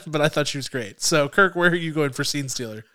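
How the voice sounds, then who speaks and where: A young adult man co-hosting a casual movie review podcast, talking in an animated way with quick asides. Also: a little high. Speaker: podcast co-host.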